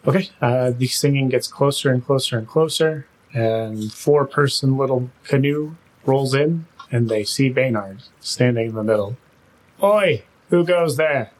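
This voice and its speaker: A man's voice: mid-range voice, normal speed, hardly any pauses, low-quality recording. Game master guy, laid back, just telling you what you see. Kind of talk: narrating a tabletop game.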